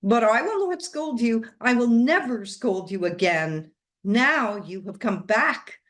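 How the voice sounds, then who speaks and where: A woman's voice: fairly high pitch, animated, slow, fairly bright tone, voice pushed up. Woman voicing a wild, grieving older woman. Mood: insistent. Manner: passionate, entreating, a little wild. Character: grieving, unhinged older woman, clinging and cunning. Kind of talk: storybook reading.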